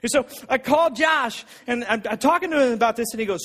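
A man preaching a sermon as pastor, telling a personal story with emphatic, repeated phrases and a husky voice. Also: very high voice, quick pace, few pauses, a bit bright. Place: church sanctuary. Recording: long reverb of a church hall.

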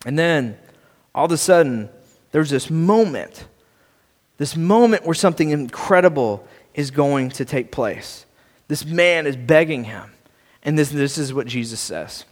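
Man preaching, high voice, earnest, stammering restarts, long echoing hall. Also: expressive, unhurried. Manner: earnest, repeats and restarts words, swings between soft and loud. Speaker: pastor. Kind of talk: sermon.

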